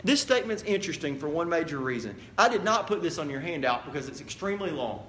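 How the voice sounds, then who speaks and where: A man preaching as the pastor of a church, earnest and direct, dropping quiet then building to emphatic appeals. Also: fairly high pitch, sing-song, fast talker, a little hiss or hum. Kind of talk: sermon. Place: church sanctuary.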